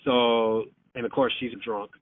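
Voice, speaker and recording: A man's voice: mid-range voice, level tone, unhurried, no echo. A man in casual storytelling over the phone, swearing freely, using lots of fillers and acting out quotes. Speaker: podcast guest. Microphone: phone call. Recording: tinny dry phone line.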